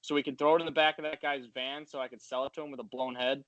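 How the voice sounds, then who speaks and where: A man's voice: mid-range voice, fairly even intonation, fast, a bit bright, no echo, muffled recording. A man in a casual chat among old housemates, eagerly jumping in with his own memories.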